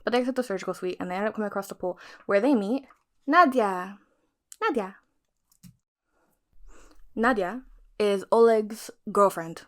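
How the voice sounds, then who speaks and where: A woman's voice: medium pitch, fast talker. A young woman vlogger casually recapping a thriller novel, chatty and frank, cursing freely. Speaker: book vlogger. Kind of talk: casual chat retelling a novel.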